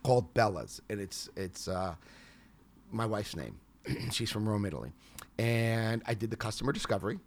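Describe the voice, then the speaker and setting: A man from New York, an investor and business consultant, telling animated anecdotes in an interview. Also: lowish voice, normal speed. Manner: animated anecdotes with quoted voices. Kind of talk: storytelling interview answers.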